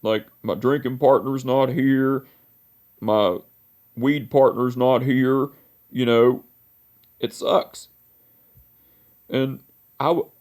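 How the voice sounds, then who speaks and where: With a mid-range, darkish voice, a young man in his twenties shares a rambling, heartfelt story in a memorial vlog. He is emotional and keeps saying "I said" and "you know."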